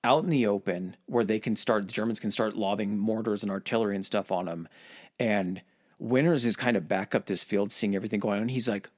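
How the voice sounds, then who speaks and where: Casual low-voiced man retelling history. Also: fairly even intonation, a little fast. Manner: swears, acts out quotes in voices. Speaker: podcast host.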